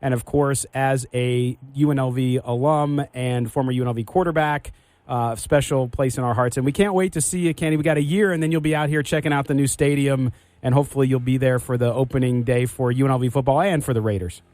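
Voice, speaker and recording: A man's voice: medium pitch, steady tone, fairly quick, a little mellow, no echo. A man hosting a sports radio show, talking with enthusiasm and frequent restarts.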